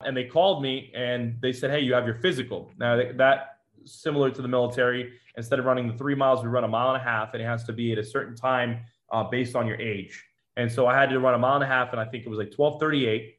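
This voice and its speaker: A man's voice: medium pitch, fast talker. A man in his thirties, a police officer, telling a personal story with lots of quoted dialogue. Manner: animated retelling with quoted dialogue.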